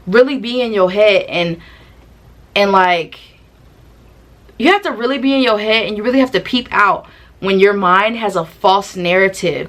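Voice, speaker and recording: A woman telling a personal story to the camera in a casual, slangy, animated way, acting out what people said. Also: mid-range voice. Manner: animated, slangy, acts out quotes. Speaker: storytime vlogger.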